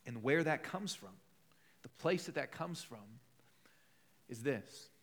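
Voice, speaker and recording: A man's voice: medium pitch, animated, takes it slowly, fairly bright tone. A conversational male preacher. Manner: conversational preaching, acts out quoted voices, storytelling asides. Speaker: pastor. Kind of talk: sermon.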